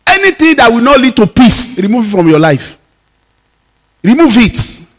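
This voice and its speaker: A male pastor with a notably high-pitched voice delivers an emphatic sermon. He repeats key phrases for weight and acts out back-and-forth exchanges as he preaches. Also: big pitch swings, moderate pace.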